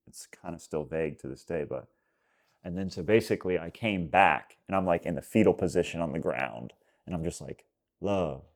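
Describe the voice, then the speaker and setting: As a podcast guest in casual conversation, a man with a low voice and vocal fry recounts an experience in a rambling way. He peppers the story with lots of "like"s and acted-out quotes.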